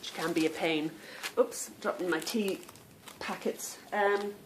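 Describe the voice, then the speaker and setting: A woman's voice: lowish voice, fairly even intonation, measured pace, slight background noise. A woman hosting a knitting podcast, chatting casually to viewers, rambling off on tangents and stumbling over unfamiliar names.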